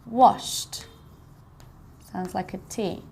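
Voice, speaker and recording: A woman teaching English pronunciation in a slow, careful way, saying each word twice for learners. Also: medium pitch, lively intonation. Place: classroom with a board.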